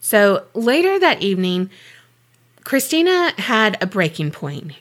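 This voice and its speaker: A woman's voice: mid-range voice, a bit bright. Chatty woman telling a true-crime story. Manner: chatty, loose, swears offhandedly. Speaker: podcast co-host.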